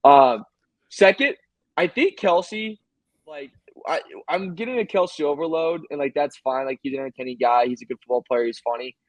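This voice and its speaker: A man's voice: medium pitch, brisk, no room sound, rough recording. A man co-hosting a sports podcast, telling rambling, joking stories in casual chat. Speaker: podcast co-host.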